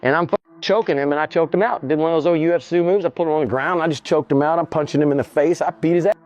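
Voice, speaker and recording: A middle-aged man telling a story in a casual interview, animated and swearing, acting out the scene. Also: very fast, dull audio, faint music behind. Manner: animated, swearing, acts out the scene with jumps in pitch. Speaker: interview guest.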